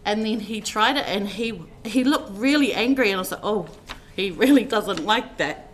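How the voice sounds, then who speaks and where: Speaking at a moderate pace with few pauses, a woman of medium pitch offers a rambling, heartfelt tribute as a family member at a funeral service. She tells personal stories and uses many fillers, with slight background noise in the clip.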